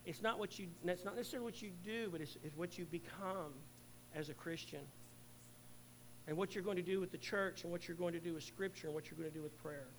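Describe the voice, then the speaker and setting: A middle-aged man preaches a sermon with a notably high voice. He speaks earnestly, building to loud peaks and then sinking into near hushes. A faint hum sits under the recording. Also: fast talker, rough recording. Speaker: pastor.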